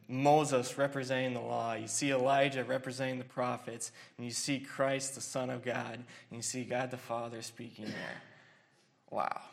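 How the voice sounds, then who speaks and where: A man preaching an expository sermon in an earnest, halting way, with many fillers and restarts. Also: mid-range voice, creaky.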